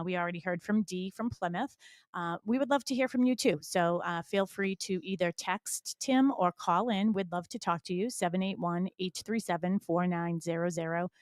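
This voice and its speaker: A woman's voice: fairly low pitch, normal speed, no room sound. Chatty New England woman on radio. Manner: chatty, animated, explains with examples. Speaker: radio show host. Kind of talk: casual radio chat. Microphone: studio mic.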